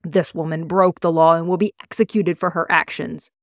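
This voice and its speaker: A cruel young prince proclaims from a dragon's back in a storybook reading, voiced by a woman. He speaks in a commanding, declaiming way, his voice pitched low. The sound is dry and close. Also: fairly even intonation, moderate pace, no room sound, lightly acted. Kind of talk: audiobook reading.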